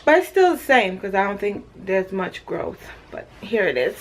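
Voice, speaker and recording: A woman's voice: medium pitch, very animated, a little slow. A woman from Jamaica, in her thirties, chatting casually in a pregnancy update vlog, playful and self-mocking, talking to a camera mic. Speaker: vlogger.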